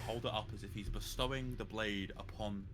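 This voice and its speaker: A man's voice: lowish voice, fairly even intonation, fairly quick, music in the background. A man playing a tabletop game, chatting casually and cracking crude jokes. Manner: crude, joking. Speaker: player.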